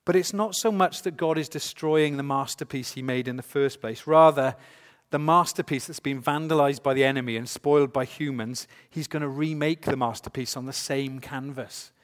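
A man's voice: medium pitch, normal speed. A man preaching a sermon to a congregation, emphatic and full of rhetorical questions. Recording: long hall reverb.

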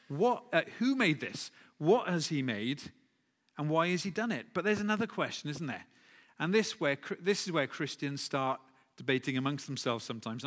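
A man's voice: on the high side, fairly bright tone. A man preaching a sermon in a conversational way, with self-corrections and asides. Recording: long hall reverb.

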